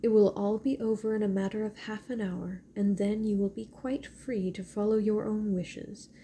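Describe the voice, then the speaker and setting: A woman reading the part of a calm, reserved and kindly gentleman in a novel, speaking evenly and formally. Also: mid-range voice, moderate pace, slight background noise, natural voice.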